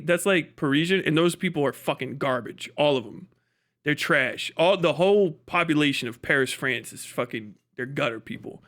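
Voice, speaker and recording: A man's voice: a little high, lively intonation, moderate pace, a bit bright. A man streaming live, chatting casually and ranting with heavy swearing and frequent laughs. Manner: profane, ranting, laughs often. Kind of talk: casual livestream chat.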